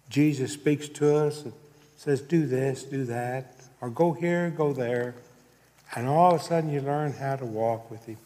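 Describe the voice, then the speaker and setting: An older man delivers a sermon at an unhurried, deliberate pace, now and then asking the congregation whether they are following. His voice sits at an ordinary pitch. A long reverb trails each phrase through the church hall. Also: mellow. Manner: preaching with call-outs to the congregation. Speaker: pastor.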